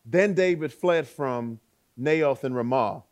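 A man preaching a sermon, with dramatic swings between loud exclaiming and hushed words and rhetorical questions to the listeners. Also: medium pitch, takes it slowly.

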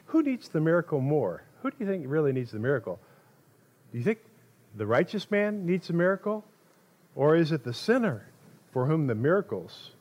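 A man with a fairly high voice preaches a sermon, telling the story with animation, loudly acting out quotes and slipping short laughs between phrases.

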